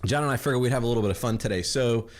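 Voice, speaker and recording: A man's voice: medium pitch, rapid-fire. A man hosting a podcast in casual chat, joking and rambling in a friendly way. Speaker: podcast host. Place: home office in kitchen.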